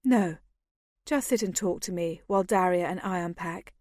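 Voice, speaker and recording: A woman voicing a calm, unruffled young noblewoman in an audiobook. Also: lowish voice, normal speed, no echo, clean studio sound, close to an everyday voice. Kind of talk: audiobook character voice.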